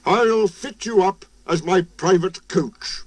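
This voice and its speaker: A man's voice: high-pitched, slow pace, no echo, voice pushed up. A man voicing a stern, pompous male railway boss in a storybook reading. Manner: pompous, bellowing orders. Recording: music playing behind.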